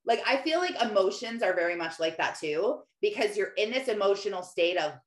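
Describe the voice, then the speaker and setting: In a mid-range voice with lively intonation and a brisk pace, a woman in her thirties chats casually about faith and family from a home office. She's chatty and rambling, with lots of "like" fillers, and the recording has a roomy echo.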